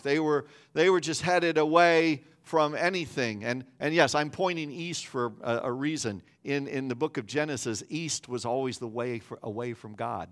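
A man's voice: on the high side, fairly bright tone. A man preaching a sermon as a pastor, earnest, often repeating words as he builds his point.

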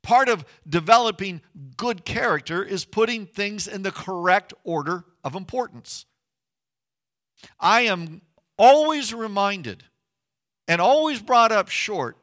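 Male pastor, middle-aged, high bright voice, earnest conversational sermon delivery. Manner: earnest, conversational preaching with emphatic rises.

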